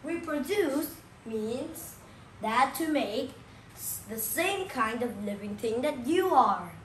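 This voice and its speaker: A woman speaks very slowly as she teaches young children, saying each new word again and again and checking in with questions. Her voice sits a little high. The room is echoey, with a faint hum of ambience behind her. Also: expressive. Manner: repeats key words slowly, asks the listener questions. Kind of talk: slow classroom explanation for young children.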